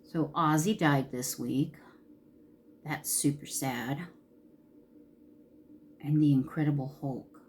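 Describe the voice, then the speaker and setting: A woman's voice: sits low, fairly even intonation, takes it slowly, pauses often, darkish tone, slight background noise. A woman in her fifties chatting casually while doing her makeup, rambling through stories and chuckling often. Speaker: beauty vlogger.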